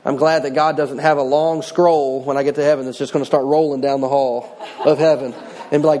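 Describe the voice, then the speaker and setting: A man's voice: mid-range voice, flat delivery, fairly quick, mellow. A middle-aged male pastor preaching a sermon in a conversational way, mixing scripture with personal stories.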